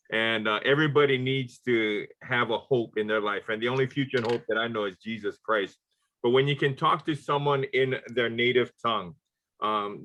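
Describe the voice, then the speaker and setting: A man with a Hawaii Pidgin accent, a pastor telling lively stories on a video call through his laptop mic. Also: medium pitch, poor audio. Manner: lively storyteller mixing Pidgin and standard English. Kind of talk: casual talk on a video call.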